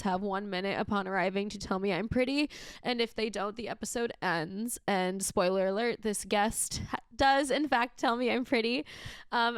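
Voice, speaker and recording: Young woman, podcast host, casual and giggly, smooth clear voice, dry close sound. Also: mid-range voice, dry recording. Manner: emotional, giggly, gushing. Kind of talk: casual solo chat. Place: in her bed at home.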